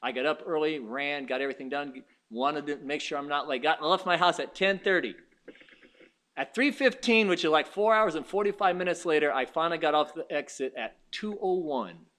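A male pastor preaches to his church, his voice bright and fairly high, rising into sharp, loud peaks when a point lands. He moves between hushed, confiding asides and exclaiming bursts as he tells a story. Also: a little fast. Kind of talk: sermon.

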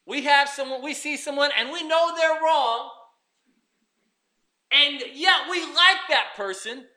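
A man's voice: extremely high pitch, slow pace, pushed and bright. A man preaching a sermon as pastor, emphatic and repeating his points.

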